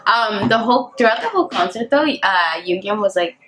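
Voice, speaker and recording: A woman's voice: mid-range voice, expressive, a little fast, noisy background. A young woman chatting in a laid-back way as a guest on a vlog. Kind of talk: casual chat.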